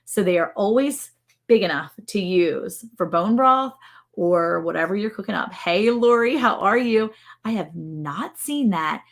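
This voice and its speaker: A woman's voice: medium pitch, expressive, a little slow. A woman hosting a casual livestream from her ranch, chatting playfully and joking while reading out viewer comments. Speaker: livestream show host. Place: ranch home.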